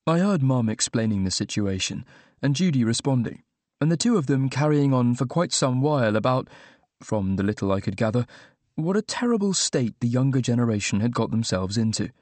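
A man's voice: mid-range voice, expressive, brisk, darkish tone, no echo. Young male audiobook narrator, wry, dry close mic. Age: young adult. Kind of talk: first-person audiobook narration.

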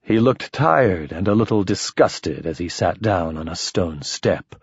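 A male audiobook narrator with a lowish, husky voice that rises and falls with the story. The read is close and dry, on a dull, lo-fi recording. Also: unhurried, dry recording. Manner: expressive, shifting voices for characters. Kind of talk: first-person fiction narration.

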